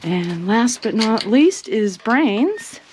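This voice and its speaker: A woman chatting casually as she walks through her homestead showing the animals, sometimes cooing at them in a high sing-song. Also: big pitch swings, drawn-out words, darkish tone, a little hiss or hum. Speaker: homestead vlogger. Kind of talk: casual walking tour vlog. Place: outdoors on a homestead among animals.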